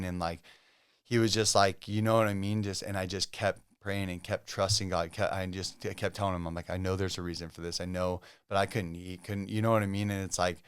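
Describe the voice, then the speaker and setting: A man's voice: low-pitched, level tone, brisk, clear, resonant tone, no echo, studio quality. A man from Southern California, a podcast guest telling his story in a casual, laid-back way, filling his talk with "dude", "bro" and "like". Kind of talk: casual testimony chat.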